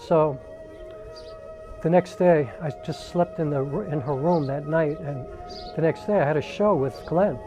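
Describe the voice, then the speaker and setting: Music plays in the background as a man from the New York area, who is a singer, tells a personal family story to camera at a slightly slow pace. His voice is a little high, and he chats conversationally, often saying "um" and "like."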